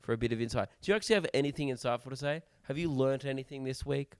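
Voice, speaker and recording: A man's voice: mid-range voice, racing, clean tone, dry recording, studio quality. A man co-hosting a podcast, chatting casually and teasing his co-host with jokes. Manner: joking, teasing banter. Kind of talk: casual chat.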